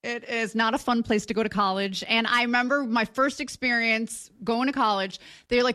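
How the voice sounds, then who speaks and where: A woman's voice: on the high side, fairly quick, hardly any pauses, pushed and bright, dry recording. A woman hosting a talk show, chatting upbeat with a guest. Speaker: host. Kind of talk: interview chat and read ad.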